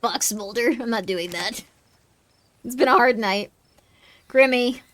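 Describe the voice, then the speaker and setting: A woman's voice: on the high side, measured pace. A woman streaming a horror game, chatting in a goofy, rambling way with jokey asides. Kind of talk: casual game-stream commentary.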